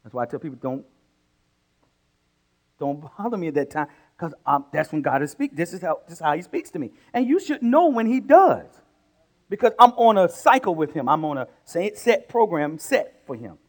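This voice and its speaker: Animated preacher man, lively pitch. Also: normal speed. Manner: animated preaching that swings between loud bursts and hushed asides. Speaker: pastor. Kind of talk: sermon.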